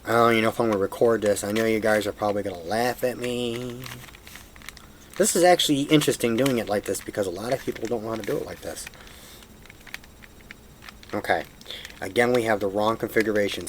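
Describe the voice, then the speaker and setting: A man with a lowish voice talks fast while casually walking through a puzzle tutorial at home, a hobbyist showing his solve. He's self-deprecating and apologetic as he fumbles, recorded on a camera mic with slight background noise.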